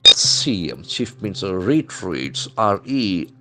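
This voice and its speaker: A man's voice: low-pitched, sing-song, slow, pushed and bright, faint music behind. A man teaching English vocabulary from the newspaper, spelling words letter by letter and explaining how each is pronounced. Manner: explains pronunciation and meanings methodically. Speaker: English language trainer.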